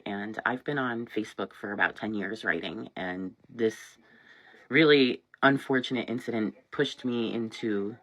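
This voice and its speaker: A woman's voice: extremely low pitch, a bit bright. A woman in her thirties telling a personal story in a casual vlog, rambling and full of "like". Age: 30s.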